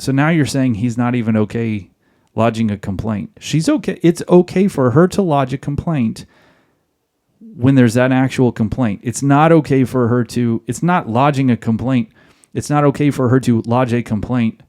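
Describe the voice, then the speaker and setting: Guy lecturing other men on a podcast, direct and preachy, middle pitched voice. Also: moderate pace, a little mellow. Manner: direct, lecturing, addresses listeners as guys. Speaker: podcast host giving marriage advice. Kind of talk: advice monologue.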